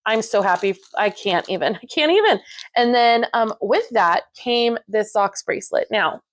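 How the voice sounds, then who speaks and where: A woman craft vlogger chatting casually to camera while unboxing, gushing and excitable, with lots of fillers. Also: mid-range voice, normal speed.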